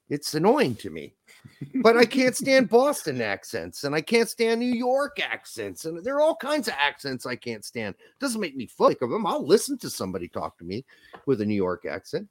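A man's voice: on the high side, no echo. A man co-hosting a casual livestream chat, talking bluntly with frequent swearing and jokes. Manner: blunt, profane, joking. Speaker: podcast co-host.

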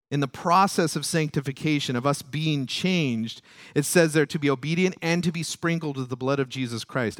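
In clean studio sound without any room sound, a man preaches a sermon. His voice climbs loud and high when he's moved and drops low and soft again, and he performs prayers and quoted voices.

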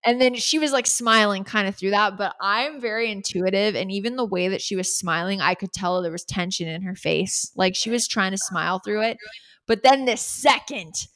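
A young woman recapping a show in loose, casual chat, blunt and profane, with a lot of "like" sprinkled through. Her voice sits at an ordinary, middle pitch for a woman, neither high nor low. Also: moderate pace, a bit bright. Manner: candid, swears freely, fills speech with "like". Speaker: podcast co-host.

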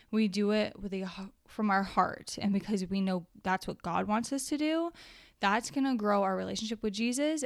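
A young woman gives a casual devotional Bible study in an earnest, conversational way. She reads the verses aloud. Her voice has a gravelly fry, and the sound is dry and close. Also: mid-range voice, dry recording.

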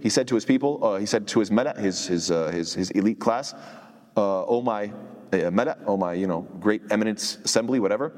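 Man, Quran teacher, rapid-fire delivery, mid pitch, recites Arabic then explains, repeats himself, long reverb. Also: a little mellow. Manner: repeats words and restarts often. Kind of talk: tafsir lecture.

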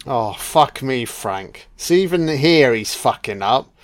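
A man talks through a film in a relaxed, unhurried way, sprinkling in swear words and filler as he goes. His voice is smooth and clear at a middling pitch. The sound is close and dry, with no room around it. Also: no echo. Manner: laid-back and profane, full of "you know". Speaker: film commentator. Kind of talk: casual film commentary.

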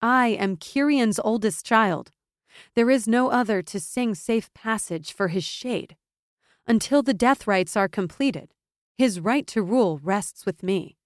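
A woman's voice: medium pitch, a little slow, no echo, studio quality, natural voice. A woman voicing a proud young noblewoman who speaks in a firm, commanding, contemptuous way.

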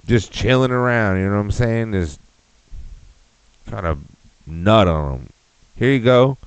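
Gravelly, profane man ranting. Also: fairly low pitch, moderate pace, dry recording, rough recording. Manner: profane, mocking rants. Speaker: podcast host. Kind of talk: casual ranting podcast.

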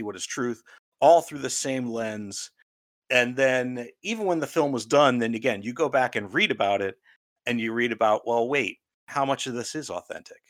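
A man's voice: mid-range voice, fairly bright tone, no room sound. A man co-hosting a casual film podcast, talking in a rambling way with lots of fillers and restarts. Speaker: podcast co-host. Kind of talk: casual chat about films.

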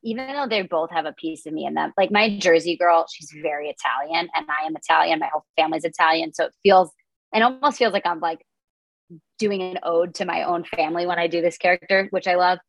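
A woman's voice: lowish voice, a little fast, no echo, poor audio. A woman in her twenties, a comedian, chatting casually and upbeat in a podcast interview, full of filler words. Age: 20s. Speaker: comedian and content creator, guest.

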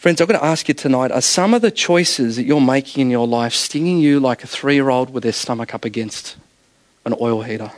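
A man's voice: mid-range voice, fairly quick, dry recording. A man, preaching an evening sermon in a conversational, storytelling way with frequent laughter.

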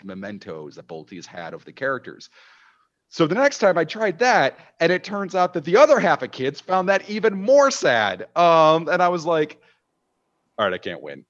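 A man in his thirties, a game master, telling an animated anecdote with lots of fillers in a casual panel chat. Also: on the low side, highs cut off.

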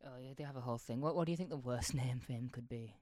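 A man's voice: medium pitch, fast, darkish tone, no room sound, clean studio sound. Teasing man on a podcast. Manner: joking and teasing. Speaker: podcast co-host. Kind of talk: casual chat.

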